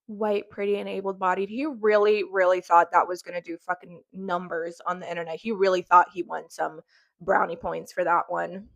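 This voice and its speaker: A woman's voice: on the low side, steady tone, moderate pace, vocal fry, muffled recording. A woman hosting a reaction commentary, ranting angrily with heavy swearing. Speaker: commentary host.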